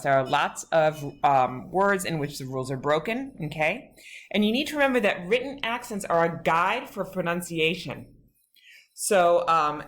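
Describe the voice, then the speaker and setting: A woman teaching a Spanish lesson, explaining step by step with frequent pauses and fillers, mixing English and Spanish words. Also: deep voice. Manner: patient, explains step by step with many ums. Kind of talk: recorded online lesson.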